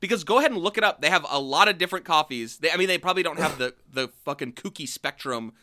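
Animated ranting podcast man, bright voice. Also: fairly high pitch, fast talker. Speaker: podcast co-host. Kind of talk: casual comedic chat.

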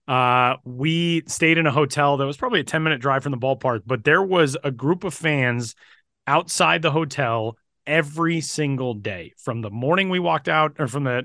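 Man, sports broadcaster, animated podcast storytelling, bright tense voice, dry close mic. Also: medium pitch, no echo. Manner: energetic, animated retelling with fillers. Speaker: baseball broadcaster and podcast regular.

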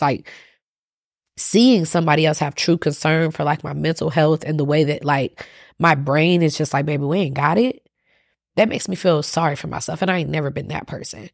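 A woman's voice: low voice, creaky, no echo, studio quality. A woman hosting a solo podcast, talking candidly and emotionally straight to her listeners. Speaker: podcast host.

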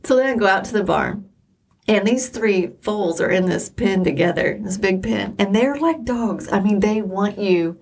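A woman's voice: mid-range voice, moderate pace, gravelly. A middle-aged woman co-hosting a podcast, telling personal stories candidly and with emotion. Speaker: podcast co-host. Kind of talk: casual chat.

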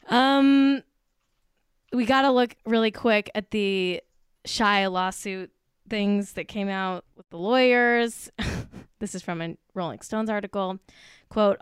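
A woman's voice: mid-range voice, clean tone, dry recording, studio quality. A woman hosting a casual pop-culture show, ranting and swearing with lots of fillers. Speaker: podcast host.

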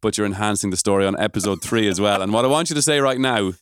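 A man's voice: on the low side, quick pace, smooth, no echo, studio quality. An Irish man hosting a podcast, telling a story and chatting casually with his co-hosts. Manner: lively storyteller who jokes with co-hosts. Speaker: podcast host.

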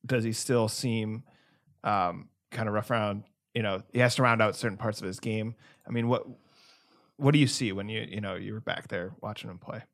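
A man hosting a baseball podcast, asking questions in a halting way with many pauses and fillers. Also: lowish voice, fairly even intonation, a bit bright. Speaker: podcast host. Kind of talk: casual sports chat.

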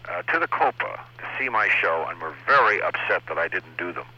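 Deep, husky Canadian-raised storyteller. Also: male voice, very animated, a little fast, bright, forceful tone. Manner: chatty, laughing storyteller who slips into voices. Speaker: impressionist guest. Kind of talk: anecdotal interview chat. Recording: lo-fi radio recording.

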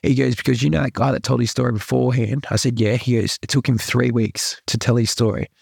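A man's voice: mid-range voice, steady tone, quick pace, creaky, darkish tone, slightly rough, no room sound. A young Australian man, a podcast guest, telling his personal story candidly, often repeating himself and adding "like" and "right". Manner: earnest, repeats himself, full of likes and rights.

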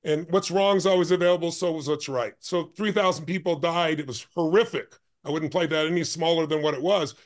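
A man who is a guest on a podcast, telling a story in an intense, emphatic way with quick bursts. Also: a little high. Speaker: guest, life and business strategist.

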